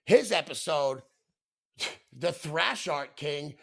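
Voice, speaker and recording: A man in his thirties hosting a podcast, telling stories in a profane, animated comedic rant. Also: fairly high pitch, slow, gravelly, slightly rough. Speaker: podcast host.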